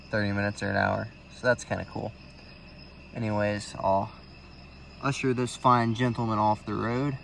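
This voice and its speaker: Slight background noise accompanies a medium-pitched man narrating casually as he comes across snakes on a rural road at night. This field herping vlogger is chatty, relaxed, and affectionate toward the animals.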